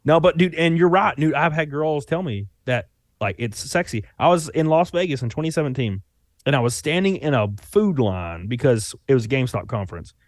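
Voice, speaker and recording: A man in his thirties speaks with a thick Southern US accent. He rambles in a relaxed way and swears casually. The recording is close and dry, with no room sound. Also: on the high side, fairly quick, no echo. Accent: Southern US (Alabama). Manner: rambling, laid-back, swears freely. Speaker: podcast guest. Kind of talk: casual chat.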